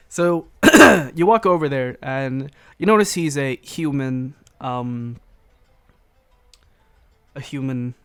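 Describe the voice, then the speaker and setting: A man narrating a tabletop game as game master, halting and correcting himself as he goes. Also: mid-range voice, a bit bright.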